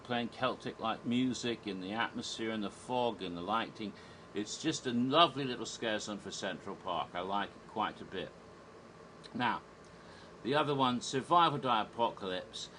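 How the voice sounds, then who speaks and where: A man's voice: fairly low pitch, a bit bright, a little hiss or hum, rough recording. A man giving a casual spoken review, chatty and rambling, with restarts and little chuckles. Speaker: theme park reviewer.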